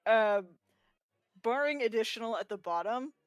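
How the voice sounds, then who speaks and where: A woman's voice: fairly high pitch, lively intonation, normal speed, muffled recording. A woman playing in a tabletop game, talking casually with crude asides. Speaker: player.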